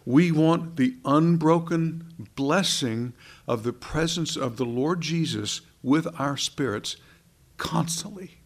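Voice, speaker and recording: A man preaching a sermon in an earnest, conversational way, asking his listeners questions and swinging between soft and emphatic delivery. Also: on the high side, slow pace. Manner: conversational, asks the congregation questions.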